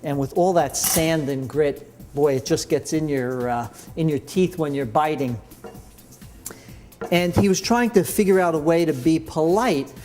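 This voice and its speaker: Chatty cooking show host. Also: male voice, a little high, a little slow, a little mellow, soft background music. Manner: enthusiastic, chatty, explains as he chops. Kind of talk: cooking demonstration.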